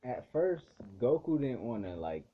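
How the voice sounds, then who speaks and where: A man in the middle of a casual episode recap, rambling along with "like" in nearly every phrase and swearing as he goes. His voice sits at an ordinary pitch. The sound is thin and tinny, as if over a phone line. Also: very animated, measured pace, heavy background noise. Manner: rambling, heavy use of "like" fillers, frequent swearing. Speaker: anime episode reviewer.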